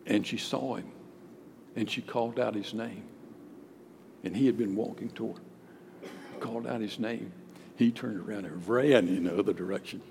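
A male pastor preaching a sermon, emphatic, swinging between loud declarations and hushed storytelling. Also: lowish voice, normal speed, creaky, pauses often. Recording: long hall reverb with faint background noise.

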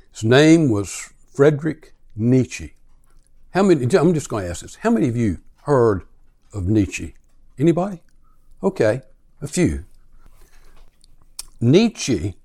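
A man preaching a sermon, speaking slowly and emphatically and building to intense, questioning passages as he reads aloud. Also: mid-range voice, dark tone. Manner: slow, emphatic delivery, rising to intense questioning when reading aloud. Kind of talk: sermon with dramatic reading.

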